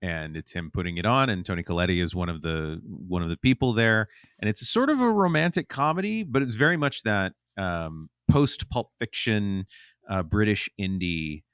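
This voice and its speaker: A man's voice: deep voice, lively intonation, normal speed, a bit bright, clear, resonant tone, no room sound, studio quality. A man chatting as a podcast guest, rambling with lots of ums and restarts. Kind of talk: casual chat.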